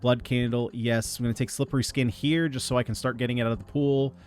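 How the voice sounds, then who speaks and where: A man giving casual gameplay commentary, reading out item picks in a relaxed running patter. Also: mid-range voice, quick pace, faint music behind. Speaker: gaming video creator.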